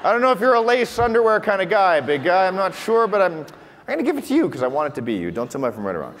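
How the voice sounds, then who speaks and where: Canadian male comedy magician, playful teasing crowd work, a bit high-pitched, live in a reverberant conference hall with faint room noise. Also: big pitch swings, racing. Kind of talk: stage comedy magic act. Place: large hotel conference hall.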